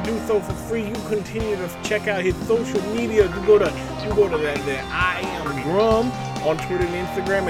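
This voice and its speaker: A man's voice: high-pitched, pitched above the performer's own voice, lightly acted. A man putting on the voice of a boastful male wrestling legend for a comic ad read, full of swaggering catchphrases and promo patter.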